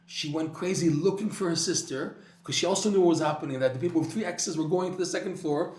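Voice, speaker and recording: A man's voice: a little high, fast talker, darkish tone, echoey room. A man teaching a Torah class, telling a story animatedly with frequent restarts and repeated words.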